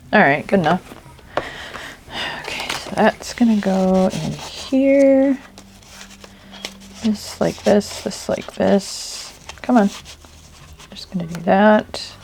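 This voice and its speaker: Woman crafter, unhurried talk, throat a bit ticklish, chats as she works, some noise behind. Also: mid-range voice, creaky, darkish tone. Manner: chatty, thinks aloud while working. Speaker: crafting channel host. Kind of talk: casual crafting chat.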